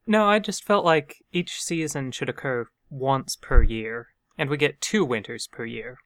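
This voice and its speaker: A man's voice: medium pitch, unhurried, a bit bright, no room sound. A man co-hosting a podcast in casual chat, with a dry, wry manner. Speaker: podcast co-host.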